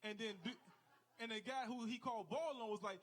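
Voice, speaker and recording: A man performs a stand-up set on a comedy club stage. His voice sits high for a man, and he tells his stories by jumping into the exaggerated voices of the people in them. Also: fairly quick, fairly bright tone. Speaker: stand-up comic.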